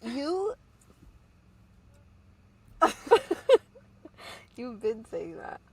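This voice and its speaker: A woman's voice: fairly high pitch, very animated, extremely slow, breathy edge. A woman co-hosting a podcast in casual chat, playful and giggly, often dropping into whispered asides. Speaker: podcast co-host.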